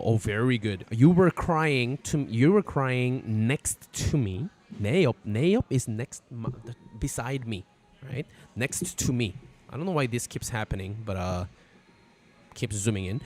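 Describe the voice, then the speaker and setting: A man's voice: mid-range voice, darkish tone. A man teaching a casual, irreverent language lesson on a live stream from outdoors, swearing freely as he explains. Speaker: Korean teacher.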